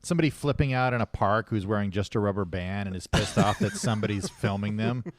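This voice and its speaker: A man's voice: on the low side, fast, no room sound. A man co-hosting a podcast with crude, sarcastic banter, laughing often, recorded in a garage studio on a close mic. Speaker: podcast co-host.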